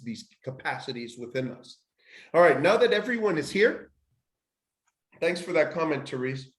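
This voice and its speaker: In an echoey room, a medium-pitched man leads a guided healing workshop. He takes listeners through every step, leaning on repeated phrases and restarting often.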